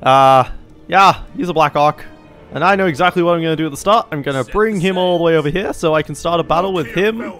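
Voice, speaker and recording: A man's voice: a little high, fast, fairly bright tone, faint music behind. A man co-hosting a strategy game session, talking casually while keeping up a hammy pirate voice with growled yars. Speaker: co-host and player. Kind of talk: casual gameplay chat.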